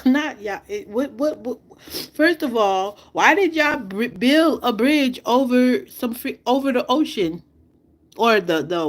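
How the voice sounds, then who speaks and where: Tearful woman venting on a livestream. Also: medium pitch. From outside the United States. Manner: impassioned, repetitive, rhetorical questions. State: fighting back tears. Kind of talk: emotional livestream monologue.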